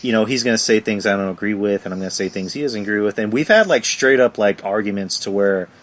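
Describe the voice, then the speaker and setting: A man's voice: fairly low pitch, quick pace. A man hosting a casual podcast chat, rambling with many fillers and laughing along. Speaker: podcast host.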